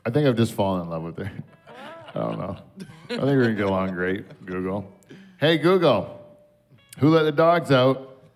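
A man's voice: fairly low pitch, lively intonation, moderate pace, pauses often, soft background music. Joking man hosting a late show. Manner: joking, blunt, swears freely. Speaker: late-night show host. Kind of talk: casual on-air banter.

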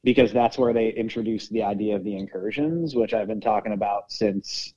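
A man's voice: lowish voice, brisk, dark tone, highs cut off. A man co-hosting a podcast in casual chat, explaining his theories at length and thinking aloud. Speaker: podcast co-host.

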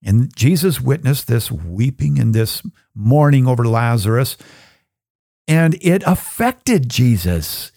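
A middle-aged man hosting a faith podcast, reflecting on Bible verses in an earnest, conversational way and reading Scripture slowly. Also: medium pitch, sing-song, creaky, no echo, studio quality. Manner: gets choked up and soft when sharing personal grief. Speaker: podcast host. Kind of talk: reflective Bible teaching talk.

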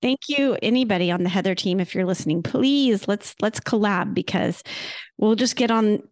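A middle-aged woman co-hosts a podcast in a casual, chatty way. She tells stories with animated retellings. Her voice sits at an ordinary pitch, and it is recorded close and dry. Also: normal speed, dry recording. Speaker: podcast co-host. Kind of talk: casual chat.

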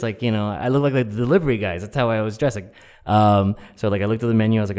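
A young man with a fairly low voice tells a personal story in a loose, casual way. He rambles and fills every gap with "like" and "um". He keeps the tale moving without polish. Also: fairly even intonation, fast, a little mellow, clear, resonant tone, in a large hall. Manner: rambling, heavy on "like" and "um" fillers. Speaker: storyteller guest.

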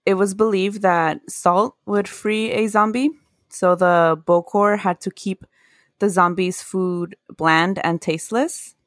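A woman's voice: mid-range voice, steady tone, slow, no room sound, clean studio sound. A woman casually telling folklore history in a podcast chat, earnest and laughing at her own mispronunciations. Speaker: podcast co-host.

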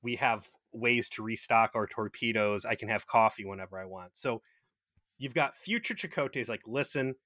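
Bright-voiced man joking on a podcast. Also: on the low side, moderate pace, dry recording, clean studio sound. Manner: joking, profane riffing. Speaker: podcast co-host. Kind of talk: casual chat.

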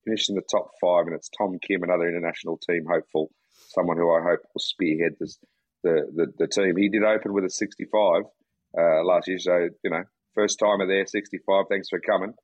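A man's voice: low voice, fairly even intonation, a little fast, breathy edge, no room sound, highs cut off. A man with an Australian accent, chatting laid-back on a golf betting podcast and rambling through restarts. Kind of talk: casual podcast chat.

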